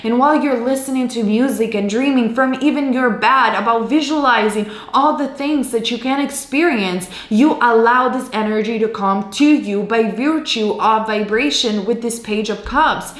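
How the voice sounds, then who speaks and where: A woman's voice: fairly high pitch, moderate pace, hardly any pauses. A woman giving a tarot reading to her viewers, reassuring and emphatic, often repeating her words. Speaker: tarot card reader. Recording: roomy echo.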